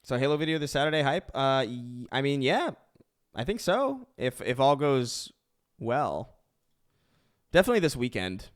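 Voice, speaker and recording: A man's voice: mid-range voice, sing-song, moderate pace. A man chatting casually with friends, rambling and laughing as he spins wild hypotheticals.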